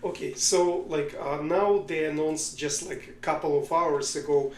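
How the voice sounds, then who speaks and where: A man co-hosting a podcast, talking politics casually in a halting way and telling jokes. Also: a little high, fairly even intonation, echoey room. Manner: halting, with many fillers and restarts, telling jokes. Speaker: podcast co-host.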